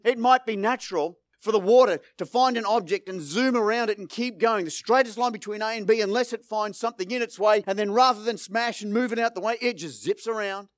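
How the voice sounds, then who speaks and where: A man's voice: sits high, no room sound, clean studio sound. A male pastor preaching a sermon, emphatic and building through repeated rhetorical phrases.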